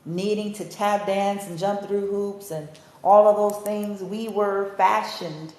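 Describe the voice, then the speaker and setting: A woman's voice: mid-range voice, fairly even intonation, slow, darkish tone, roomy sound. A woman ranting to her viewers in a profane, sassy monologue, laughing often and throwing in mocking asides. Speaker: spiritual healer vlogger.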